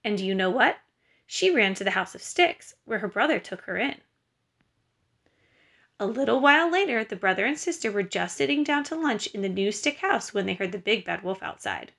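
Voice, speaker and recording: A woman teacher giving a recorded lesson to schoolchildren and reading a story aloud in a clear, patient way. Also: medium pitch, animated, normal speed, a bit bright.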